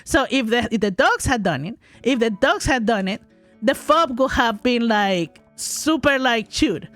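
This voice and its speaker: A woman in her forties telling a long story to her chat while gaming, animated and exaggerated, full of asides and repeated phrases. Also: fairly high pitch, a little slow, faint music behind. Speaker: streamer.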